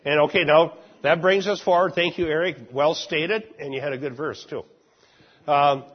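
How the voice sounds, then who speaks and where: A man leads a Bible study, laying out his reading of a passage and checking in with the class. His voice is a touch husky and sits a little high. The recording is muffled and lo-fi. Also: steady tone, normal speed. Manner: explanatory, asks the class questions. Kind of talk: Bible class lecture and discussion.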